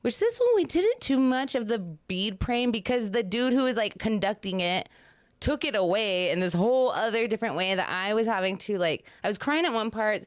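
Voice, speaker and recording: A young woman hosting a casual podcast, spinning an animated story and laughing often as she goes. Her voice is smooth and clear, recorded close and dry with no room sound. Her pitch sits in an ordinary middle range. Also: moderate pace, no room sound. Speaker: podcast host.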